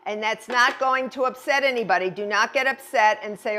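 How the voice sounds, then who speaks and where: A woman's voice: on the high side, normal speed, hardly any pauses, fairly bright tone. Chatty, reassuring woman chef teaching baking. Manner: chatty, reassuring, repeats words for emphasis. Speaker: chef demonstrating a recipe. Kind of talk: cooking demonstration.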